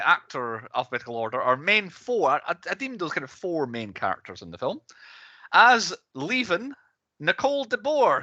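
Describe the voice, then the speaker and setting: A man in his late thirties chats on a film podcast, rattling off facts with little hedges and chuckles. His voice is bright and fairly high, swooping up and down a lot. The audio is dry but dull and lo-fi. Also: no room sound. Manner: reads facts with hedging asides, chuckling. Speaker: podcast co-host presenting the film's cast. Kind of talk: casual film-podcast chat.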